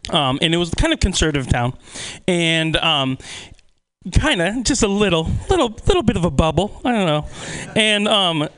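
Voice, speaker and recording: A man's voice: high voice, sing-song, moderate pace, fairly bright tone, clear, resonant tone. A man in his twenties doing a stand-up comedy set in a small club, profane and self-deprecating, laughing at his own jokes. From California.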